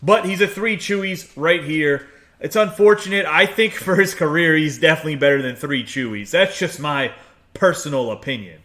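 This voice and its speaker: A man's voice: fairly high pitch, normal speed, bright, forceful tone. A man from the United States who grew up in Pittsburgh, giving a chatty, opinionated review of video game player cards and reading off long lists of stats. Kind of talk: casual game card review.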